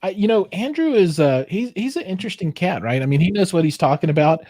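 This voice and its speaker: A man hosting a casual livestream chat from home, joking and acting out quoted voices, talking into a boom-arm microphone. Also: animated, fast talker, dark tone, dry recording, studio quality. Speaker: livestream host. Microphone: headphones with a studio microphone on a boom arm.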